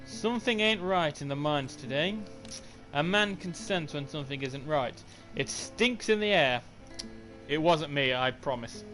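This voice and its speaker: A man's voice: a little high, animated, a little slow, fairly bright tone, soft background music. A man hosting a let's play, reading in-game notes aloud and cracking sarcastic jokes as he goes. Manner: joking, sarcastic asides. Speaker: gaming channel host.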